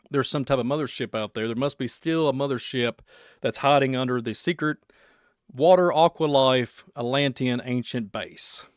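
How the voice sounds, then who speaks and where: A man's voice: medium pitch, dry recording, studio quality. A man from Kentucky with a Kentucky accent, hosting a casual livestream podcast in a rambling, speculative, joking way. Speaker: podcast host.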